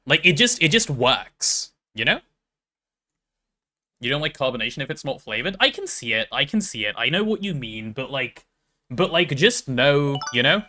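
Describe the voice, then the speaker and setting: A man streaming a game, chatting casually with his chat and thinking out loud as he plays. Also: medium pitch, very animated, moderate pace. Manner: chatty, thinks aloud while playing and answers chat.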